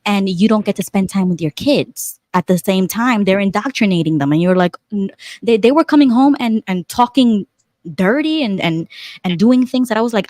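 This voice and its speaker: A woman's voice: mid-range voice, expressive, moderate pace, darkish tone, no room sound. Woman, 30s, earnest, passionate, casual chat, dry sound. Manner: earnest and passionate, builds to raised outbursts. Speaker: homeschooling parent.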